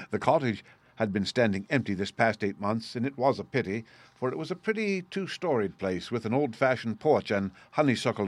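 A man reading a first-person story aloud at a measured, steady pace. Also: mid-range voice, no echo. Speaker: audiobook reader.

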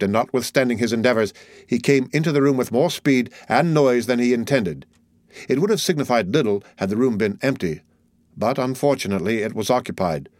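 A male narrator reads a classic novel in a steady, measured voice at a middle pitch. The recording is dry and close, with no room sound. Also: no echo. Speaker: audiobook narrator. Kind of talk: scripted narration.

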